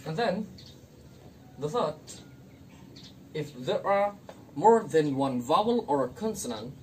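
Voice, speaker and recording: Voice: mid-range voice, lively intonation, slow, darkish tone. A young student teacher from Indonesia explaining an English grammar lesson, repeating each example word and using non-native grammar. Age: young adult. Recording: distant mic, faint noise.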